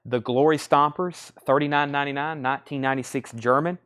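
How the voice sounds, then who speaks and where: A man's voice: on the high side, fairly even intonation, brisk, a bit bright, clear, resonant tone. A man with a Southern US accent hosting a live record sale, reading off titles, grades and prices and thinking aloud as he goes. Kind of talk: live-stream sales patter. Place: record store.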